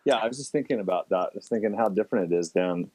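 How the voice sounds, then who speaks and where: A middle-aged man as a podcast guest, talking in an animated, quick way that jumps up in pitch when he gets excited. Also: no echo, rough recording. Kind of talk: casual interview chat.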